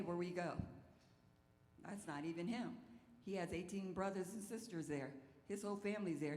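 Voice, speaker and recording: A woman pastor preaching a sermon in an animated storytelling way, her voice rising into exclamations. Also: on the low side. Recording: echoey hall with long reverb.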